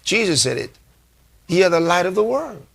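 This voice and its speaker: A man's voice: high voice, very animated, vocal fry, a bit bright. A man preaching a sermon as a pastor, delivering emphatic lines, repeating key phrases and reading scripture aloud. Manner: reads scripture aloud slowly.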